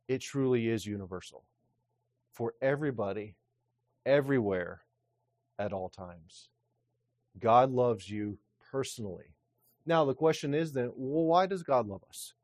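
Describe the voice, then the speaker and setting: A man pastor delivering a sermon, reading scripture slowly and preaching with emphasis. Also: medium pitch, lively intonation, darkish tone, no echo, studio quality.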